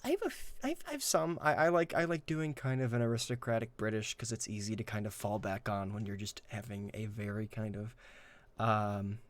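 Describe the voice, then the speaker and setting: A man's voice: fairly low pitch, a little fast. A man chatting casually as a guest game master, rambling and self-deprecating with lots of fillers and restarts. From Ireland. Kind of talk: casual interview chat.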